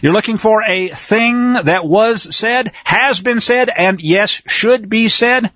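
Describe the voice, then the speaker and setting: A man's voice: sits high, slow pace, pushed and bright, no room sound, lo-fi sound. A man preaching a sermon, reading scripture aloud and commenting in a folksy, fiery way.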